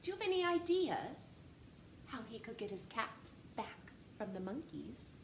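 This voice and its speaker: A woman reading a picture book aloud to children in a playful way, pausing to ask her listeners questions. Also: on the high side, very animated, creaky, echoey room, slight background noise. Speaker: storytime reader.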